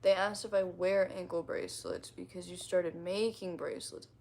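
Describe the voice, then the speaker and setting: A woman's voice: on the low side, normal speed, creaky, a little mellow. A woman livestreaming who reads viewers' comments aloud, laughing often, swearing freely and rambling to excuse herself. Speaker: livestreamer reading chat comments. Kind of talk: casual livestream chat.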